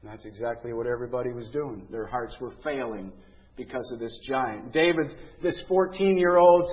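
A man preaching a sermon in a dramatic way, swinging between loud emphatic lines and quiet ones. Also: medium pitch, normal speed. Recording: dull audio in a reverberant hall.

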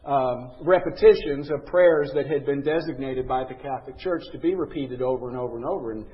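A man's voice: medium pitch, a little fast, long reverb tail, dull audio. A man teaching a Bible lesson, earnest and conversational, reading scripture with emphasis.

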